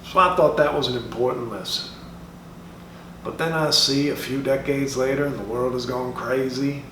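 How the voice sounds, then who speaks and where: A man's voice: medium pitch, fairly even intonation, normal speed, fairly bright tone, a little hiss or hum, natural voice. A man doing a comedic impression of a brash middle-aged comedian, who speaks to schoolchildren in a drawling, profane, taunting way. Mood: mock-serious. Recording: roomy sound from a distant mic.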